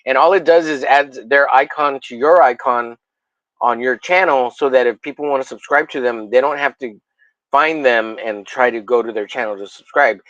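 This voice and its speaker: A man's voice: medium pitch, moderate pace, fairly bright tone, dry recording, highs cut off. A man hosting a livestream in casual chat, rambling and swearing, with mock-angry jokes. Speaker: livestream host.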